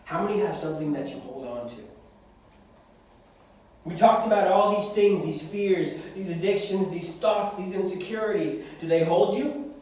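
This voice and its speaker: A young man serving as youth pastor preaches to young people in a high-pitched, slightly mellow voice at a moderate pace, acting out prayers as he goes. He's in a church hall, recorded from far off with an echo.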